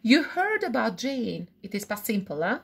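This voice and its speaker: A woman's voice: on the high side, big pitch swings, creaky, husky. Woman teaching English grammar. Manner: explains slowly with repeated examples and checks. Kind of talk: recorded grammar lesson.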